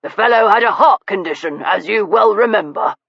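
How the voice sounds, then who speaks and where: A woman's voice: medium pitch, expressive, a little slow, gravelly, breathy edge, no echo, voice pushed up, full character voice. A woman voicing a pompous, short-tempered baronet with an indignant, puffed-up manner, in a dull recording. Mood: blustering. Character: pompous blustering baronet, quick to anger.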